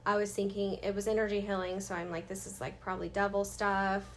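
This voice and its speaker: A woman's voice: mid-range voice, fast. A woman in her thirties, a podcast guest, telling her life story in a casual interview and acting out what people said to her. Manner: animated, acts out past dialogue.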